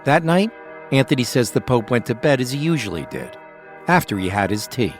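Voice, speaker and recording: A man hosting and narrating a documentary podcast in a measured, scripted storytelling way. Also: mid-range voice, big pitch swings, soft background music.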